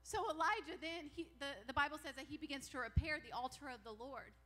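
A woman pastor preaching a sermon, retelling a Bible story in an animated way and acting out the characters' lines. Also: high voice, fast talker, soft background music. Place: church sanctuary.

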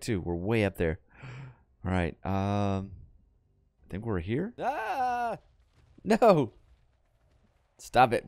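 A young adult man casually commenting on his video game as he plays, chatty and breaking into excited yells when things go wrong. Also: mid-range voice, no echo. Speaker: gaming channel host.

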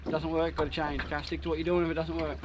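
A man talks casually to camera while fishing from a boat on a river, chatty and earnest, sometimes cheering loudly. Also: on the high side, flat delivery, fast. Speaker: fishing vlogger. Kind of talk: casual outdoor vlog narration. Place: on a small boat on a tidal river outdoors. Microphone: head-mounted camera. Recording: noisy outdoor boat recording.

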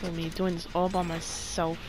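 A young woman giving casual gameplay commentary to her viewers, excitable and easily frustrated. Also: on the low side, fairly quick, background noise. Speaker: gaming channel creator.

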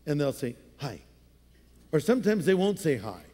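A high-pitched man preaches from a stage mic, his voice ringing out through a long church-hall reverb. He tells his story in an easy, conversational way and slips into playful voices now and then. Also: very animated, fast, warm tone. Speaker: pastor. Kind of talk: sermon.

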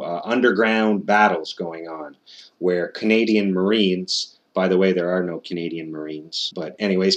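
A man giving a skeptical, sardonic commentary, with frequent "uh" fillers and restarts. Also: low voice. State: out of breath.

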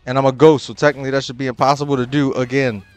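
A young adult man commenting on his own ranked matches, swearing often and breaking into loud, exasperated outbursts. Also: medium pitch, little pitch movement, very fast, soft background music. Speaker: gaming channel host.

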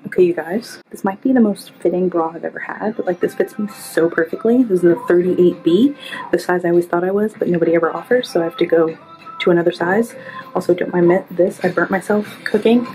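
A woman's voice: fairly low pitch, fast, darkish tone, poor audio. A young woman vlogging a clothing try-on from a store fitting room, chatting candidly and bluntly about how each item fits. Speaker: fashion vlogger. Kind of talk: casual try-on haul chat. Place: store fitting room, later inside a car. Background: background music.

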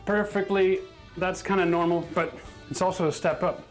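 A man's voice: high-pitched, fairly even intonation, moderate pace, soft background music. A man with a chatty, self-mocking manner who laughs often, teaching a casual DIY tiling tutorial on a bathroom job site. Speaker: renovation instructor.

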